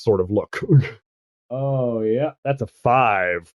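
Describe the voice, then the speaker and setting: A man narrating a tabletop role-playing game as game master, chatty and halting, often laughing as he goes. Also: medium pitch, darkish tone, no echo, clean studio sound.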